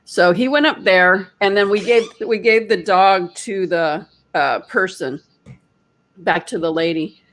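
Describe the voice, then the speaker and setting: A woman host telling a personal story in an animated, chatty way, full of "like" fillers and acted-out quotes. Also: medium pitch, unhurried. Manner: acts out her own quoted panic. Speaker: energy healer, host. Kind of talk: casual storytelling.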